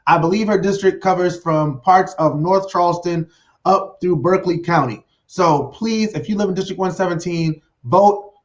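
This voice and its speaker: A man hosting his own solo talk show, excited and rambling, with lots of fillers and restarts as he talks at his computer. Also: high-pitched, moderate pace, highs cut off. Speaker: host. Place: home desk setup with green screen.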